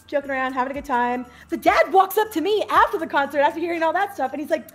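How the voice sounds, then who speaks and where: Young woman guest on a podcast, high voice, giggly, acts out quotes, faint music under it. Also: animated, fast, fairly bright tone. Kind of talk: casual storytelling chat.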